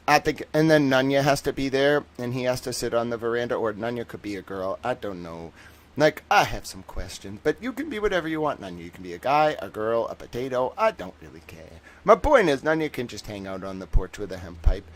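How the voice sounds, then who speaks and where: A man hosting a casual livestream, rambling and joking and laughing often, from the northern United States. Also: mid-range voice. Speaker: livestream host.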